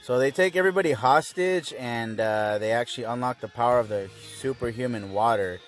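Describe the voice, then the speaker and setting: A man's voice: mid-range voice, brisk, soft background music. A young man casually recapping a cartoon episode, laid-back and crude with lots of fillers.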